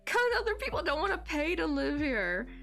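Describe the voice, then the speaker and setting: A woman's voice: sits high, big pitch swings, fairly quick, a bit bright. A woman from the United States hosting a crochet livestream, chatting in a rambling, laughing way and reading viewer comments aloud.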